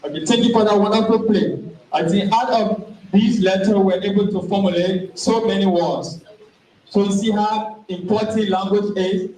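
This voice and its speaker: A man acting as master of ceremonies, announcing the program in a measured, formal way. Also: high-pitched, steady tone, warm tone. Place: large indoor hall at a university ceremony. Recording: echoey hall, voice from far off.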